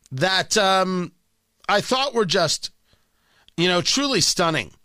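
A man hosting a political talk radio show, delivering an animated, sarcastic monologue into a studio microphone. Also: high voice, no echo. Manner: animated, excitable, sarcastic asides.

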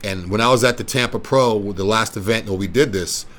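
A man's voice: fairly low pitch, a little fast, fairly bright tone. A man who runs a wellness clinic, talking casually and persuasively in a rambling, repetitive way and pushing his point again and again. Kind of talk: casual explanatory talk.

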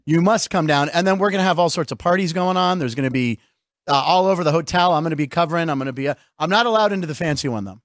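A man hosting a comedy sports show from a studio, talking in jokey, animated banter. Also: on the high side, rapid-fire, no room sound. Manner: animated, jokey, puts on mock announcer voices. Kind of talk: joking radio-style banter.

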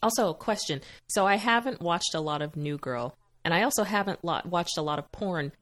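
A woman's voice: on the low side, animated, moderate pace, a bit bright. A woman co-hosting a podcast in casual chat, jokey and playfully dramatic. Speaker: podcast co-host.

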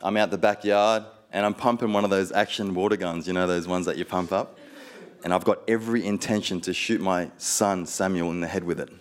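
A man's voice: low voice, fairly even intonation, fairly quick. A man preaching a sermon, telling personal stories with playful asides and building to fervent exhortation.

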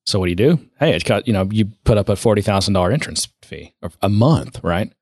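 A man with a low voice chats casually as a podcast co-host. He rambles and restarts, letting his sentences fade off. The sound is close and dry. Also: expressive, fast, no room sound. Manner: rambling, trails off quietly. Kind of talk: casual tech chat.

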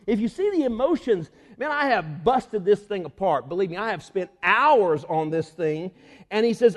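A man's voice: high-pitched, expressive, normal speed, in a large hall. A man preaching a sermon, acting out the story's voices and laughing along the way.

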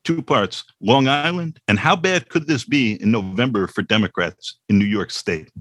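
A man's voice: medium pitch, animated, normal speed, a bit bright, no echo. Brief: man hosting, playful, conversational, dry recording. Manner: joking, asks questions. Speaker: podcast host. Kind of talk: interview hosting.

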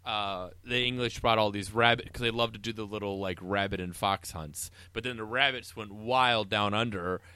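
A man's voice: fairly low pitch, moderate pace, hardly any pauses, bright, forceful tone, clean tone, no echo. A man co-hosting a casual movie podcast, telling stories and rambling with fillers. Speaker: podcast co-host. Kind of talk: casual chat about a movie.

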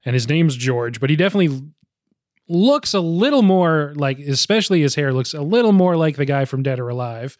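A man's voice: fairly high pitch, lively intonation, brisk, a little mellow, no room sound, clean studio sound. A man co-hosting a casual movie podcast, talking in a thoughtful, rambling way with frequent restarts. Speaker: podcast co-host.

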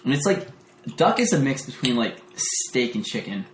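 A man's voice: medium pitch, very animated, moderate pace, roomy sound, background noise. A man chatting casually over a meal in a small podcast studio, rambling, laughing and correcting himself as he goes. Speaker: podcast guest. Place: small home podcast studio with foam panels.

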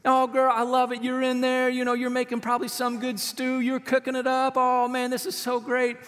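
A preacher voicing a loving man who gently corrects a hardworking friend, warm and chiding. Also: extremely high pitch, completely flat delivery, normal speed, voice pushed up. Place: church sanctuary. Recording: long church-hall reverb.

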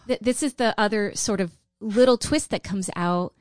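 A woman's voice: mid-range voice, unhurried, dry recording, clean studio sound. A woman co-hosting a podcast, telling a story and reading excerpts aloud, building it up with teasing. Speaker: podcast co-host. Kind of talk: casual chat, reading excerpts.

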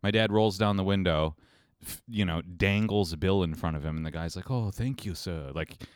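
A man's voice: deep voice, steady tone, a little fast, clean tone, no echo, studio quality. A man co-hosting a casual chat, rambling wryly and mocking himself as he tells anecdotes. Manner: rambling, wry, self-mocking. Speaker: podcast co-host. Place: New York.

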